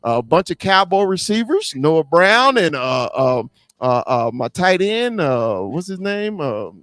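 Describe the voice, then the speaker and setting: A man's voice: a little high, sing-song, unhurried, fairly bright tone, no echo. A man rants about football rivals, swearing freely and getting worked up. The sound is close and dry. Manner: fired-up ranting, swearing. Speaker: podcast host. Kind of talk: casual sports chat.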